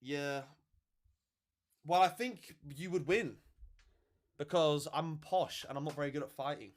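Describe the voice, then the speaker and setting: A man hosts his livestream in casual chat, his voice sitting a little high for a man. He is sarcastic, swears freely, and shrugs off viewers who annoy him. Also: measured pace. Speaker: livestream host.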